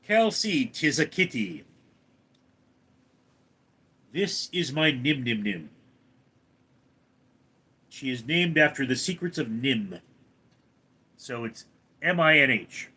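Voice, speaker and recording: A man's voice: big pitch swings, takes it slowly, pauses often, husky. A man live streaming from home, reading viewer names aloud and answering them in a casual chat. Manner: reads viewer names out loud, then answers in a lower voice.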